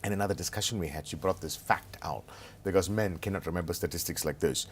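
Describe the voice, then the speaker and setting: A man's voice: low-pitched, fast, slight background noise. A middle-aged man, a consultant telling humorous, self-mocking anecdotes in a conversational interview. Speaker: business consultant and author as guest.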